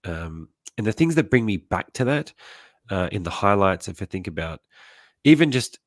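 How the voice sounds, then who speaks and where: Deep-voiced congested man hosting. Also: very animated, moderate pace, no echo, clean studio sound. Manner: laid-back, laughs often, repeats himself. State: congested from a sinus illness. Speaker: host. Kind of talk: casual live-stream chat.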